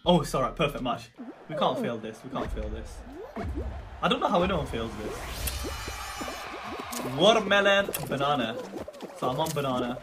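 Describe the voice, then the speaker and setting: A young man giving excitable live commentary on his gameplay, swinging from muttering to shouting. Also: medium pitch, moderate pace, pauses often. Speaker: gaming YouTuber. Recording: music playing under the voice.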